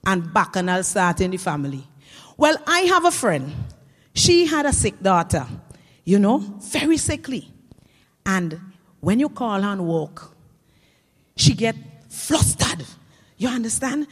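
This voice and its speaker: A woman telling comic stories in a lively creole style and acting out the scenes. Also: mid-range voice, unhurried, long pauses. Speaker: storyteller. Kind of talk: comic storytelling. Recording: reverberant hall.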